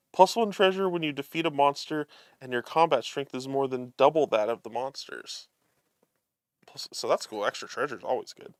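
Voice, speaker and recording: A man's voice: medium pitch, normal speed, no echo, studio quality. A man hosting a live show, chatting casually as he unboxes a card game and reads the cards aloud, amused and chuckling often.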